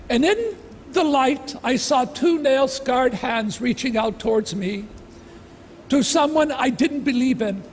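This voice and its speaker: In a large outdoor amphitheatre, a man in his sixties with a very high voice gives an emotional personal testimony, slow and dramatic with heavy pauses. The recording has long reverb from the venue, faint ambience, and a little hiss or hum.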